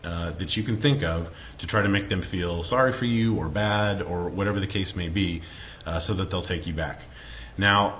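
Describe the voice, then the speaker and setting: A man's voice: deep voice, fairly bright tone, slight background noise. A man giving relationship advice in an earnest coaching tone, with many fillers and frequent check-ins. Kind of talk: instructional talk to camera.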